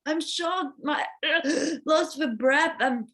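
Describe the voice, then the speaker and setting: A young woman sharing a heartfelt personal update in a vlog. She talks openly and emotionally, with lots of "like" fillers. Her voice swings between bright excitement and quiet, near-whispered vulnerability. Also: mid-range voice, a little slow.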